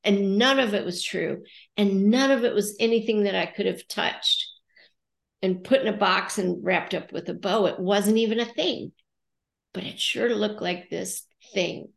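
A middle-aged woman from the US, a coach and podcaster, reflects in a relaxed way while acting out her inner dialogue. Her medium-pitched voice is creaky and a little slow, with a reverberant sound.

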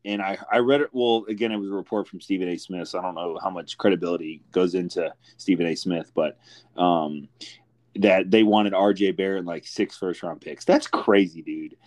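Laid-back young man, low voice, dry sound. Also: steady tone, brisk, a little mellow, no echo. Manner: laid-back, says "dude" and "brother" a lot. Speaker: podcast host. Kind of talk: casual chat.

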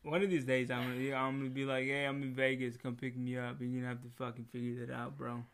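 A man's voice: mid-range voice, monotone, fast, a bit bright. A young man co-hosting a casual podcast, telling rambling stories with heavy swearing. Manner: loose storytelling with heavy swearing. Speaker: podcast co-host. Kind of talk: casual chat.

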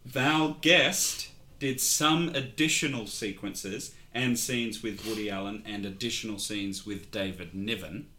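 A man's voice: fairly low pitch, a little slow, few pauses, sharp tone, a little hiss or hum. A man co-hosting a casual film review podcast, joking and rambling, often breaking into laughter. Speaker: podcast co-host.

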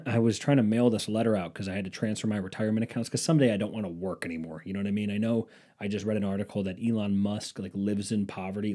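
A man's voice: lowish voice, warm tone. A man rambling casually as a podcast host, sarcastic and profane. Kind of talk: casual chat.

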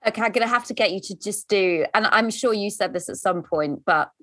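A woman hosting an interview podcast, gushing enthusiastically over her guest and stumbling in her excitement. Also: medium pitch, a little fast. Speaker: podcast host. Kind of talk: conversational interview.

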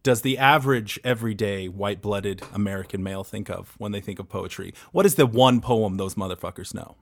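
On a comedy podcast, a man pitches a game show idea, rambling and swearing playfully along the way. He talks briskly with vocal fry.

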